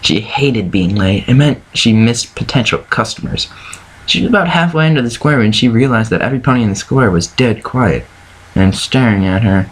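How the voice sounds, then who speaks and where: A man's voice: medium pitch, lively intonation, normal speed, rough recording. Man reading fan fiction aloud in a mid-range voice, stumbles and self-corrects. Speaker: reader.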